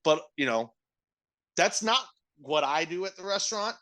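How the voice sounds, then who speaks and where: A middle-aged man rants through a work story on a casual podcast, swearing freely. His voice is bright and forward. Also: high-pitched, lively intonation, normal speed. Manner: profane ranting storyteller. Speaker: podcast co-host, restaurant manager.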